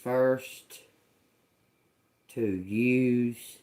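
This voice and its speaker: A man doing a tarot reading, slowly sounding out words and phrases and repeating them as he tries to make sense of the messages. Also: fairly low pitch, a little mellow. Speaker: tarot reader. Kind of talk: slow channeled reading.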